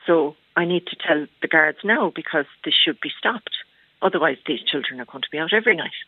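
A woman's voice: low-pitched, expressive, brisk, husky, no echo. An Irish woman calling in to a radio phone-in, talking hesitantly with many fillers and restarts. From Ireland. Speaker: caller. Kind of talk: phone-in call. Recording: tinny phone line.

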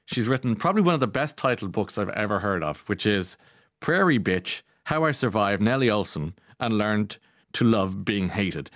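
Man, radio host, mid-pitched, hesitant and chatty in the studio. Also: fairly bright tone, dry recording. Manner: hesitant, chatty, reads texts aloud. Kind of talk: radio talk show.

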